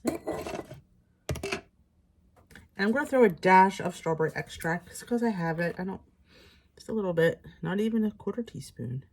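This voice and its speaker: A woman's voice: mid-range voice, expressive, moderate pace, long pauses. A middle-aged woman hosting a casual cooking vlog in her home kitchen, chatty and upbeat as she talks to viewers. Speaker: cooking channel host.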